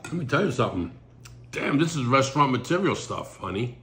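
A man's voice: mid-range voice, big pitch swings, fairly quick, fairly bright tone, roomy sound, slight background noise. A man co-hosting a home cooking vlog, easygoing and joking, dropping in Italian words. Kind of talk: casual cooking vlog chat. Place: home kitchen.

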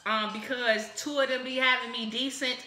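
A woman's voice: fairly high pitch, fairly even intonation, moderate pace, bright, forceful tone. A woman hosting a comedy cocktail show, chatting casually and rambling exuberantly as she mixes drinks. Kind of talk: casual comedic chat while mixing drinks. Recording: echoey room.

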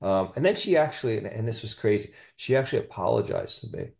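A man with a fairly low, gravelly voice recounts a patient story as a podcast guest. He sounds enthusiastic and keeps checking in with "you know" and "okay?" as he tells it. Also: wildly swooping pitch, fast talker, a little mellow. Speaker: chiropractor guest.

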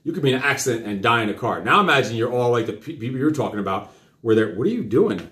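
A middle-aged man hosting a live talk show, lecturing his child in a fast, rambling way full of questions. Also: mid-range voice, pushed and bright. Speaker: host. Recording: roomy echo.

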